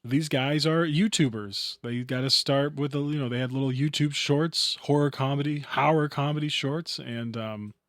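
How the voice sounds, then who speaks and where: A man's voice: medium pitch, steady tone, normal speed, few pauses, a bit bright, dry recording, clean studio sound. A man co-hosting a horror film podcast in a casual, chatty, joking way. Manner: laid-back, chatty, joking. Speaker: podcast co-host. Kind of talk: casual chat.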